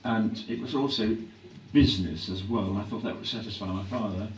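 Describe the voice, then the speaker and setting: Older man, hoarse, echoey distant hall. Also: on the low side, brisk, slight background noise. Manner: reflective, anecdotal, with frequent throat-clearing. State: voice growing hoarse. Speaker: actor being interviewed. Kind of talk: on-stage interview before a live audience. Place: hall at a public event.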